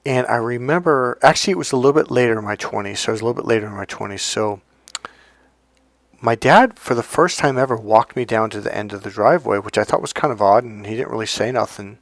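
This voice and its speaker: A man coaching on dating talks casually and tells personal stories, often dropping into the voices of the people he quotes. His voice sits in an ordinary middle pitch. The recording is dry and close, with no room echo. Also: fast talker. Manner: animated storyteller, acts out quotes.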